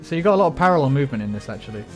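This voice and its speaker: A man streams casually over faint game music, his voice sitting at a middle pitch. He breaks down chords and rhythms in a loose, thinking-aloud way, hums snatches of tunes and swears freely when things go wrong. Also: expressive, racing. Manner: explains music theory and hums and sings melodies; swears a lot when frustrated. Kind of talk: casual livestream chat while gaming.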